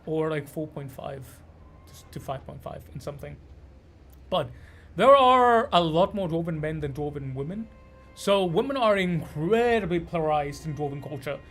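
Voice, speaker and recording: A man's voice: on the high side, expressive, moderate pace, fairly bright tone, faint music behind. A man from Canada giving loose, sweary, rambling commentary while streaming a game. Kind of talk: casual gameplay commentary.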